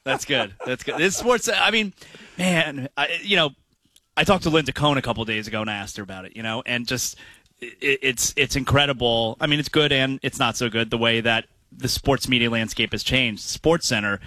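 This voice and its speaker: A man hosting a casual sports talk show, rambling with quick asides and restarts. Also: medium pitch, pushed and bright, no room sound. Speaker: host.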